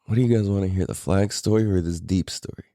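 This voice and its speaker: A man's voice: low voice, fast, dark tone, dry recording, studio quality. A middle-aged man from San Diego hosting a podcast, telling a story in a laid-back, profane way and laughing often. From San Diego, Mira Mesa. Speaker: podcast host. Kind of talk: casual storytelling chat.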